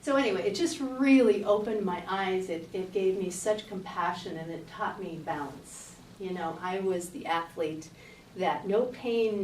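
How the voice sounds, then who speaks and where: A middle-aged woman, a fitness coach, giving a lively motivational talk to an audience and telling her own story. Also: medium pitch, slight background noise. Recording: roomy, distant audience-talk recording.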